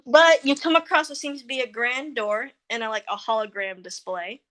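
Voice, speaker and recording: A woman's voice: on the high side, expressive, normal speed, a bit bright. A woman narrating as game master, casual and joking, with a lot of slang. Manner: giggly, loose and joking, slangy.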